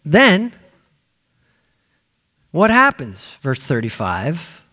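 A male pastor preaching a sermon, telling a story with lively acted-out voices for the people in it. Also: fairly high pitch, very slow. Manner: animated storytelling, acting out quoted voices.

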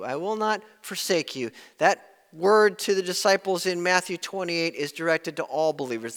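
A man preaching a sermon in an earnest way, rising to loud emphasis and dropping to hushed tones when quoting. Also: on the high side, long reverb tail. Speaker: pastor.

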